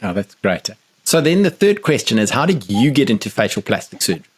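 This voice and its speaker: A man's voice: mid-range voice, very animated, brisk. A man hosting a podcast interview, asking brief questions. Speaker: podcast host.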